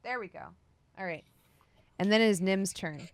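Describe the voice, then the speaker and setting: A young woman running a tabletop role-playing game as game master, relaxed and chatty, laughing often. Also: mid-range voice, normal speed, dry recording.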